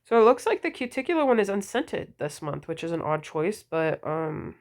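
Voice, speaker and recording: A woman vlogger chatting casually about nail polish, gushing and full of fillers, her voice deepened and a bit slurred from a cold. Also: sing-song, normal speed, a little mellow. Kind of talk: casual wishlist chat.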